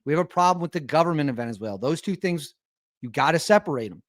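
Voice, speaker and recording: A man's voice: on the high side, expressive, fast, fairly bright tone, no room sound, studio quality. A young man hosting an opinionated commentary show, talking in an incredulous and mocking way. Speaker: commentary host.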